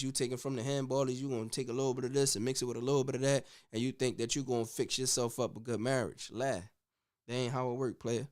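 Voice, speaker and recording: A man's voice: mid-range voice, smooth. Slangy man hosting a commentary talk. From United States. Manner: animated, slangy, repeats "you know what I'm saying". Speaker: host. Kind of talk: casual commentary on a video.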